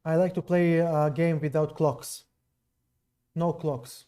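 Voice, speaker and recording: A man's voice: fairly high pitch, fairly even intonation, unhurried, dark tone. A man from Serbia with a non-native English accent, streaming chess live and musing to viewers between moves. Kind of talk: live stream commentary while playing.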